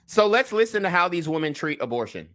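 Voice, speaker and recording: A man with a high, fairly bright voice hosts his own commentary channel, talking fast and very animated. He reacts to a clip, lectures his viewers bluntly and profanely, and urges them to vote in a poll.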